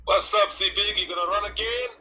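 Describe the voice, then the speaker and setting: A man's voice: sits high, fairly even intonation, fairly quick, sharp tone, highs cut off, slight background noise. A man calling into a live debate, sounding hesitant and defensive and often trailing off mid-sentence. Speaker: caller. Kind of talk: heated live call-in debate.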